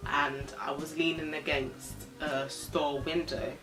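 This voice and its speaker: A woman's voice: low-pitched, level tone, slow, a bit bright, faint music behind. A young woman vlogger telling a story in casual chat, frank and chatty, swearing freely and sipping a drink as she talks. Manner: sipping a drink while talking.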